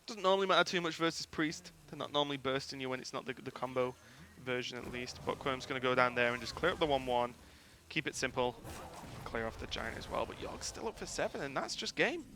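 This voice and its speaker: A man casting a live esports match at a tournament venue, talking in quick, chatty play-by-play full of fillers. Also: mid-range voice, pushed and bright, a little hiss or hum. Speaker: esports caster. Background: music.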